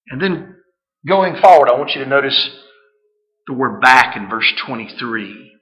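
A man preaching a sermon to a congregation, shifting between quiet scripture reading and loud, fervent exhortation. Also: on the high side, low-quality recording. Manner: reads scripture aloud, addresses the congregation as church. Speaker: pastor.

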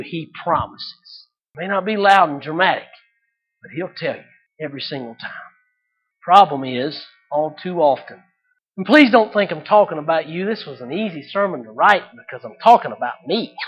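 A man preaching a sermon, telling folksy stories with humor, swinging between loud, emphatic peaks and quiet, low asides. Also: dull audio. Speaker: pastor.

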